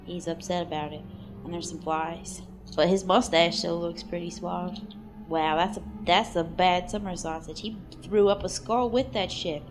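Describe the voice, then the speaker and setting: A woman's voice: lowish voice, normal speed, soft background music. Crude offhand woman narrating a cartoon. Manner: crude, offhand, bursts into excited exclamations. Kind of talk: casual comic play-by-play narration.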